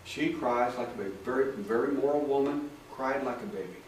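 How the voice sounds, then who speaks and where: A man's voice: mid-range voice, fairly quick. A man telling case stories to an audience as a hypnotherapist, acting out the dialogue in raised voices. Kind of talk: talk with audience questions. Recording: echoey room, far from the mic, faint noise.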